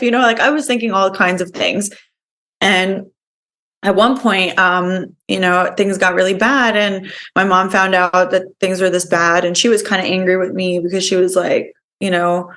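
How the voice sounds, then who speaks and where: A young woman speaks as a podcast guest, recounting her own past with earnest feeling. She talks in a loose, rambling way, filling her sentences with "like" and "you know". Her voice sits at an ordinary middle pitch for a woman. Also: fairly even intonation, normal speed, fairly bright tone. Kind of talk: personal storytelling in an interview.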